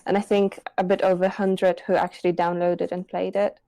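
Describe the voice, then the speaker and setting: Mellow woman developer chatting, dry sound. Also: lowish voice, a little fast, no room sound. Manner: relaxed, filler-heavy, enthusiastic. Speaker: game developer guest. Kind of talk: casual interview chat.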